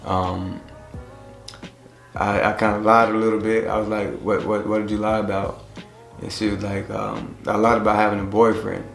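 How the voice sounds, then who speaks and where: Guy with a lowish voice telling how he met his wife, chill and halting, echoey room. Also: little pitch movement, vocal fry. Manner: laid-back, halting retelling that acts out dialogue. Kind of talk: casual storytelling. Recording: roomy echo with faint music.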